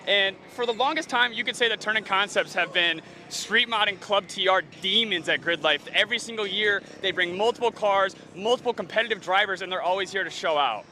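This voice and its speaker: A man's voice: high voice, fairly quick, few pauses, bright, forceful tone, a little hiss or hum. A man touring race pit garages and interviewing drivers, friendly and casual. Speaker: pit reporter. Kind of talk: casual live event segment.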